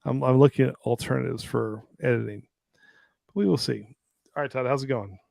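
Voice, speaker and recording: A man's voice: mid-range voice, fairly quick, vocal fry, darkish tone, dry recording, studio quality. A man hosting a casual livestream chat, rambling and teasing his co-host, often stammering as he restarts. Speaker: show host.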